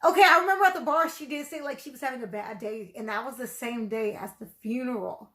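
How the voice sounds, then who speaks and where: A woman with a slightly high voice talks through her reaction to a TV episode. She rambles loosely, leaning on "like" and "you know" as she thinks aloud in casual commentary. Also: fast, pushed and bright. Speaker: video reactor.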